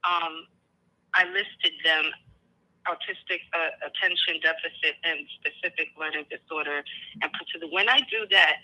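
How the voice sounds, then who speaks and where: A woman's voice: low voice, steady tone, pushed and bright. Hesitant woman caller on a phone line. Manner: hesitant, halting, searching for words. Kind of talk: phone call.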